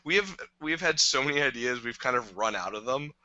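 A man's voice: medium pitch, animated, brisk, pushed and bright, no echo. A man co-hosting a podcast in casual chat, rambling with lots of "like" and easy laughs. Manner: rambling, filler-heavy, laughs easily. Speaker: podcast co-host. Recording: dry lo-fi sound.

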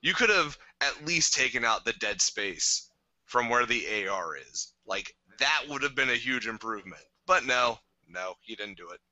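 A man co-hosting a podcast, ranting in an animated, casual way. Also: mid-range voice, moderate pace, no echo, rough recording. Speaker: podcast co-host. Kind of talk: casual chat.

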